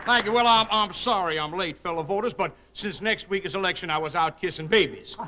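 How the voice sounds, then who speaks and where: An actor playing a crooked, pompous small-town mayor. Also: male voice, high voice, brisk, background noise, close to an everyday voice. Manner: pompous, boastful, shouting in outrage. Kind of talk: 1960s TV sketch comedy before a live audience. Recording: old TV broadcast with loud audience laughter.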